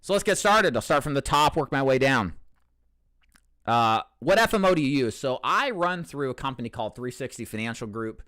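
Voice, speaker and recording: A mid-range, animated voice moves fairly quickly, sounding pushed and bright, in studio quality with no room sound. The speaker, an insurance agency owner, hosts a casual on-camera Q&A, candid and self-deprecating, joking and often restarting what he says.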